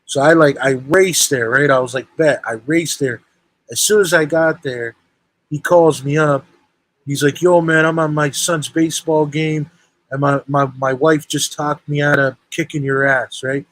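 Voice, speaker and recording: Young man, slightly high voice, rambling street-slang storyteller, casual call-in chat. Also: fairly even intonation, normal speed, fairly bright tone, low-quality recording. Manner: rambling, street slang, lots of "bro" and "right?".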